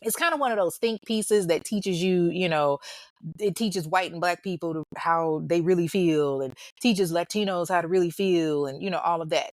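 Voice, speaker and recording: A woman's voice: lowish voice, normal speed, no room sound, studio quality. A woman hosting a true-crime show, telling the story in casual commentary with blunt, profane asides.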